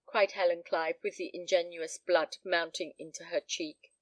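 A woman narrating a story in a measured, gently expressive reading. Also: lowish voice, no echo. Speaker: audiobook reader. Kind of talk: scripted narration.

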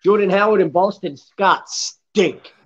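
A man's voice: high voice, measured pace. A man co-hosting a casual sports podcast who talks bluntly and rambles with lots of fillers. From Florida. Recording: dull lo-fi sound.

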